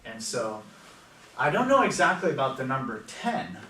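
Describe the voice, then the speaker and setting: American male teacher lecturing a class, conversational and quizzing students; mid pitch, caught from across an echoey room. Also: sing-song, moderate pace, bright, forceful tone, distant mic, slight background noise. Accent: General American. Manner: chatty, asks students questions. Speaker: language teacher.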